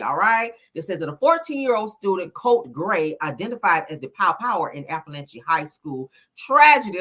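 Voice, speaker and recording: Brash, animated woman talking gossip. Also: medium pitch. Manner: brash, profane and animated, calls the audience "child" and "honey". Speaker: commentary host. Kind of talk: casual gossip commentary.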